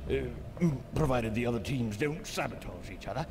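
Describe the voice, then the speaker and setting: A man's voice: mid-range voice, lively intonation, brisk, crowd noise, lightly acted. An actor voicing a pompous, blustery male air-race team boss in a video game cutscene. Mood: boastful. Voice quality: blustery, boastful. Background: game music.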